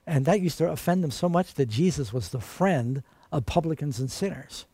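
An earnest man preaches a sermon, pressing each point with emphasis and calling his listeners friends. His voice sits a bit high for a man. It is recorded close and dry, with no room sound. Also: lively intonation, normal speed, dark tone, slightly rough, no room sound.

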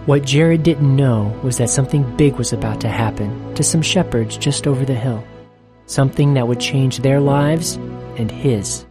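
A narrator reading a story aloud in a steady, earnest manner over faint music. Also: medium pitch, normal speed.

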